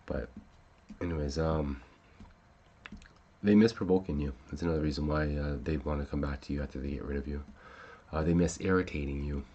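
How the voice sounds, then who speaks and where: A man's voice: extremely low pitch, fairly even intonation, fairly quick, pauses often, warm tone, husky, dull audio. A man hosting a casual talk show, rambling with many fillers and restarts and swearing when upset. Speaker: podcast host.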